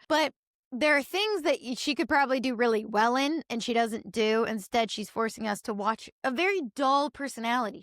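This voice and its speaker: Woman, young adult, casual vlog review, chatty, candid, slightly high voice, dry close sound. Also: a bit bright, no echo. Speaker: YouTube commentator.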